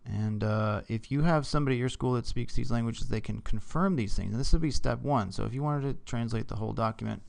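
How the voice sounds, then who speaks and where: Guy doing a laid back computer tutorial, gravelly low voice, dry close mic, keeps saying okay. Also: darkish tone, no echo. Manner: casual, talks through each click with frequent "okay?". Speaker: teacher. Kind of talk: screen-recorded software tutorial.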